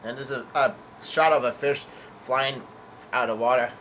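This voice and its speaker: A man recapping a comic chapter in a loose, hesitant way, stopping on fillers and fixing his own words as he goes. His voice sits at a middling pitch, and he swears now and then. A faint hiss runs under the recording. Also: fairly even intonation, moderate pace, a bit bright. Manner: hesitant, full of fillers and self-corrections, casual swearing. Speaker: manga chapter reviewer. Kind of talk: casual chapter recap read-through.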